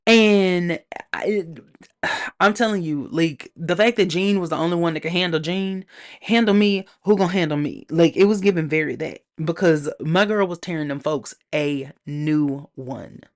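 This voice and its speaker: A woman with a slightly low voice talks through a TV episode on her own show. She is animated and sassy, tossing in playful slang as she reacts. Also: normal speed. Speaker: TV show reviewer. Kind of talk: casual solo review chat.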